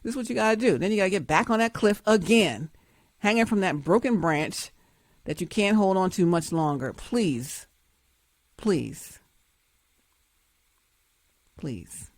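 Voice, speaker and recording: A woman's voice: medium pitch, lively intonation, a little fast, no room sound, studio quality. A woman hosting her show, giving emphatic, preachy commentary with frequent laughs. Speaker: host.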